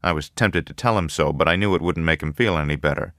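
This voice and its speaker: A man narrating a first-person audiobook in a measured, low-key, matter-of-fact way. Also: a bit bright, no echo, clean studio sound.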